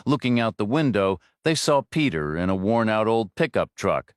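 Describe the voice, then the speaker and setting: Brief: low-voiced man, steady audiobook narration, close dry mic. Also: normal speed, no echo. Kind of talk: scripted narration. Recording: dry close studio read.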